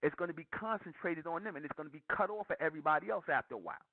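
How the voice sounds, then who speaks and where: A man's voice: on the high side, racing, no room sound. A man preaching in a monologue, emphatic and repeating lines for stress. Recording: dry tinny phone-like audio.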